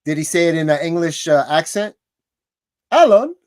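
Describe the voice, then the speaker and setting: A co-host on a sports podcast live stream, laughing often and dropping quick one-liners. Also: mid-range voice, fairly even intonation, clean tone, no room sound, clean studio sound. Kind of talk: casual live-stream chat.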